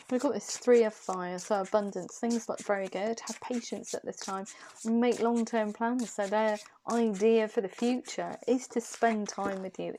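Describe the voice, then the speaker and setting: A woman's voice: mid-range voice, warm tone, a little hiss or hum. A woman giving a casual, chatty tarot reading, musing aloud and repeating her questions to the cards. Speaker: intuitive tarot reader.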